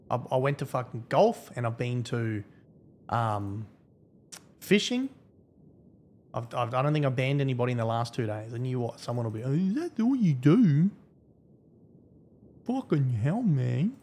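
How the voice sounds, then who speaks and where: Man, game streamer, casual rambling commentary, swears freely, mid pitch. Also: steady tone, a little fast, a little hiss or hum. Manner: profane, rambling, chatty.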